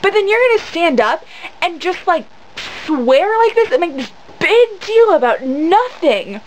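A woman's voice: extremely high pitch, very animated, a little slow, a little hiss or hum, rough recording. A woman vlogger tells a story to camera in a rambling, indignant way, with many fillers. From United States. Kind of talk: casual storytelling rant to camera.

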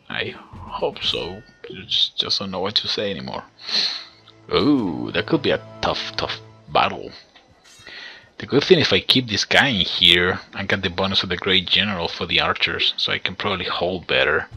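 A man giving excitable let's play commentary on a strategy game, talking straight to his viewers and chuckling often. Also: sits low. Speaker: gameplay commentator.

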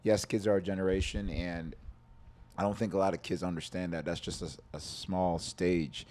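A man's voice: low-pitched, steady tone, moderate pace, a little mellow. A man from Jamaica, a podcast guest, telling stories in a laid-back casual chat and swearing freely.

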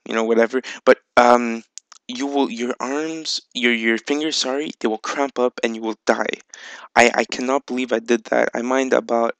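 A man chats loosely over his game footage, full of ums and easy swearing. His voice has a gravelly edge but stays smooth and clear. It sounds close and dry, with no room around it. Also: medium pitch, steady tone, moderate pace, fairly bright tone, dry recording, rough recording. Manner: rambling, filler-heavy, swears casually. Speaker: video game channel host. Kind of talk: casual gameplay vlog chat.

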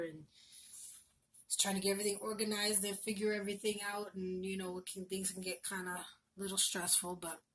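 A woman's voice: mid-range voice, a little hiss or hum, low-quality recording. A woman vlogger at home, chatting casually and gushing with emotion as she opens mail, often repeating herself. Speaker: crafting vlogger. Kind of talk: casual unboxing chat.

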